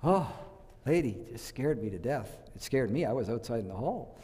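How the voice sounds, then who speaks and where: A man's voice: mid-range voice, lively intonation, moderate pace, mellow, slightly rough, big-room sound. Man giving a health talk in a church. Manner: storytelling, quizzing the audience. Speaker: health speaker.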